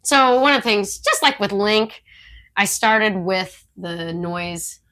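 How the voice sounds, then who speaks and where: A woman who trains disc dogs co-hosts a podcast, chatting casually and telling training stories while laughing often. She acts out her dog's thoughts as quotes. Her mid-range voice is bright and forceful, and she speaks slowly.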